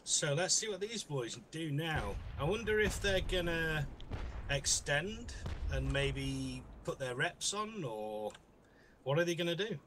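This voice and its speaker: A man's voice: fairly high pitch, animated, slow pace, a bit bright, a little hiss or hum. A man co-commentating a naval game match in a chatty way, often ending with tag questions. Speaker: tournament co-commentator.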